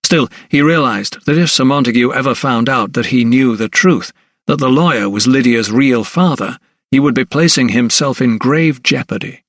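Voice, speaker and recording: A man reading a historical mystery audiobook in a measured, even manner. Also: mid-range voice, no echo, studio quality. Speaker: audiobook narrator. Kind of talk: scripted narration.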